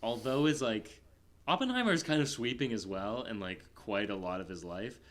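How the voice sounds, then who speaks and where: A man co-hosting a film podcast, talking in a rambling, casual way with many fillers and sudden animated bursts. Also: on the low side, moderate pace. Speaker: podcast co-host. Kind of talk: casual film review chat.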